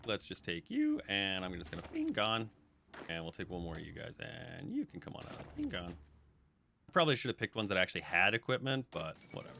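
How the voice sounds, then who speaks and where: A man's voice: on the low side, bright, forceful tone. A man giving chatty live commentary while he plays a strategy game and talks to his chat. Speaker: streamer. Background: background music.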